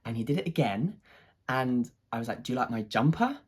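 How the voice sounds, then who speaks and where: Husky-voiced storyteller, hesitant and animated. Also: mid-range voice, fairly quick. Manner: hesitant, many restarts and fillers; excited, animated retelling. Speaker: artist. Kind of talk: personal storytelling to camera.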